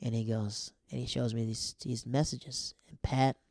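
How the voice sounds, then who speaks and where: A man telling a casual, animated story in slangy talk, laughing often as he goes. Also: medium pitch, normal speed, creaky, no room sound, clean studio sound.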